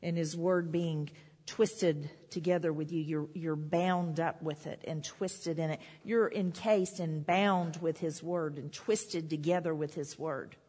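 A woman's voice: sits low, steady tone, a little slow, dark tone, husky. A woman preaching a sermon, repeating declarations with rising emphasis. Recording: long hall reverb.

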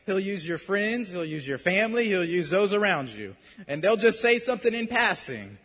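A young man preaching a sermon, talking earnestly and conversationally, then suddenly building to loud emphasis. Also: sits high, sing-song, normal speed, long reverb tail.

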